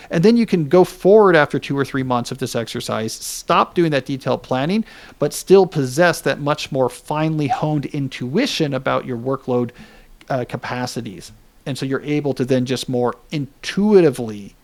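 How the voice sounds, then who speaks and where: A man in his forties hosting a podcast, explaining ideas in casual chat with joking asides. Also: fairly high pitch. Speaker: podcast host.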